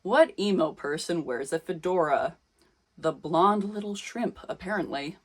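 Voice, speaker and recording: Casting: young woman, lowish voice, dry self-mocking vlogger reading old fan fiction aloud. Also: a little slow, husky. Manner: sarcastic, self-mocking asides between read passages. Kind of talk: comedic reading with commentary.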